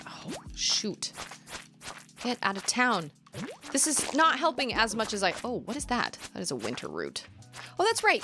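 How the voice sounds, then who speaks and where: A woman in her thirties chatting casually as she streams a video game, chatty and quick to giggle. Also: fairly low pitch. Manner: chatty, giggly, talks to chat. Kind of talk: casual gameplay chat. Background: game music.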